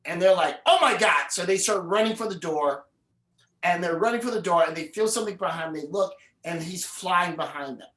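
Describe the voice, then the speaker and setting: A man, a film director and guest speaker, telling a story in an animated way at a university event and acting out the characters. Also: high-pitched, fairly quick, roomy sound. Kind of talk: storytelling in a live conversation.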